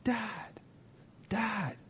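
A man's voice: high voice, extremely slow, fairly bright tone, slightly rough, pitched above the performer's own voice, full character voice. A man voicing a young boy trapped under rubble, calling out to his father.

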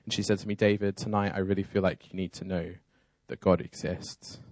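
A man's voice: low-pitched, flat delivery, brisk, darkish tone, a little hiss or hum. A man telling his personal faith testimony in an earnest, storytelling manner.

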